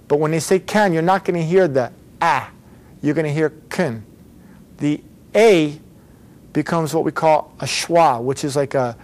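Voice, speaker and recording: A man's voice: on the high side, darkish tone. A man teaching an English grammar lesson, patiently explaining and repeating model phrases for learners to say back.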